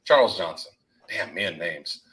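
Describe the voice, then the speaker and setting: A man's voice: sits low, lively intonation, moderate pace, a bit bright, poor audio. A man, ranting in casual sports talk as a podcast co-host. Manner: exasperated ranting.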